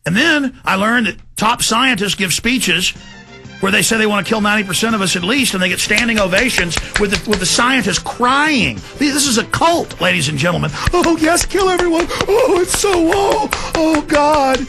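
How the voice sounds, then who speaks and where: A man's voice: sits high, lively intonation, a little fast, vocal fry, over music. A man hosting a talk show, ranting in an impassioned monologue to his listeners. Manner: ranting, shouts in bursts, addresses folks directly.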